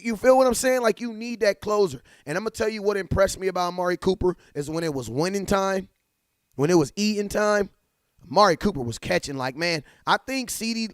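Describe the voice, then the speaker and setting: A young man hosts a sports fan livestream from home, hyped and full of slang, calling out viewers in his chat one by one. His voice sits a little high and comes across smooth. The sound is dry and close to a desk mic. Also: no echo. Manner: hyped, slangy, talks straight to chat with shout-outs. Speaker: livestream sports talk host. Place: home setup at a computer.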